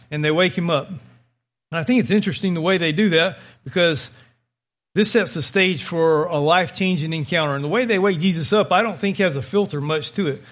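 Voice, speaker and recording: Male preacher, higher-pitched, vivid storyteller in the pulpit. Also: a bit bright. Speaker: pastor. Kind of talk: sermon.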